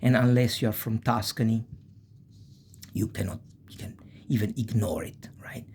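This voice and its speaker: A man teaching a video language lesson. He pronounces example words slowly and often checks in with the listener with short "eh?" or "okay?" tags. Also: lowish voice, darkish tone, a little hiss or hum. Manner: says Italian example words slowly and deliberately.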